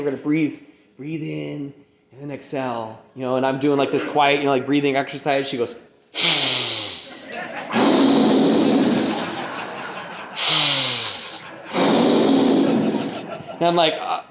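A middle-aged man shares his recovery story at a meeting in a loose, rambling way, filling gaps with "you know" and acting out the voices of people he quotes. The sound is roomy and echoey. The recording is dull and lo-fi. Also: medium pitch. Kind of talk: personal recovery talk.

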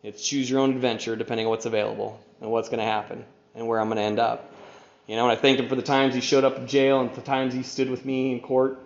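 A man's voice: medium pitch, flat delivery, fast talker. A middle-aged man giving a personal recovery talk at a meeting, rambling and conversational, with lots of "you know", acting out the people he quotes. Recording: roomy, dull lo-fi recording of a talk.

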